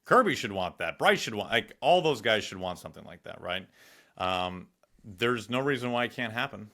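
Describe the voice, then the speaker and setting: Bright-voiced man co-hosting sports talk. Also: fairly low pitch, expressive. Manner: playful, quick to tease. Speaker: broadcaster co-host. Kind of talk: casual sports chat.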